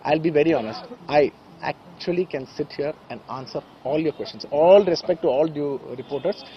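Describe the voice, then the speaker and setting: Fast-talking emotional man. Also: fairly high pitch, highs cut off, a little hiss or hum. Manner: earnest, emotional, repeats phrases insistently. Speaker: speaker at a press conference. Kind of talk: emotional press statement.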